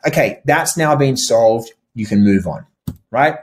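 This sales trainer speaks at a medium pitch and a little slowly while presenting slides on sales calls. Relaxed and conversational, he frequently uses "like" and restarts phrases, and he demonstrates the inflection to use when asking questions.

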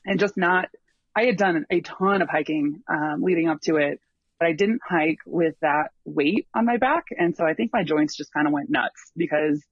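A man's voice: on the high side, normal speed, husky, no echo. A man telling of his long hike in a casual interview, rambling with many ums and restarts. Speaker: long-distance hiker guest. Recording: dull lo-fi dry sound.

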